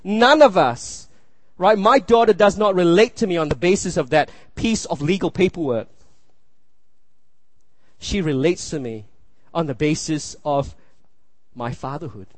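Male pastor preaching, earnest, repeats himself, fairly high voice, dry sound. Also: expressive, unhurried, pauses often, no room sound. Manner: earnest, repeats phrases, asks the room "you see?". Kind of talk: sermon.

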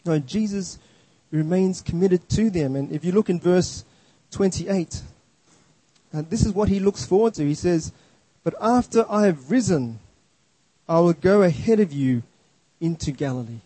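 A man's voice: on the high side, warm tone, slightly rough, no room sound, poor audio. A man preaching a sermon in an earnest, emphatic way, often restarting his words.

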